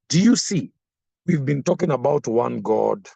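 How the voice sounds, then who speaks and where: Man, preacher, sermon, slow delivery, emphatic repetition, dry sound. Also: medium pitch, expressive, vocal fry, dry recording. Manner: slow, emphatic, repeats phrases for effect.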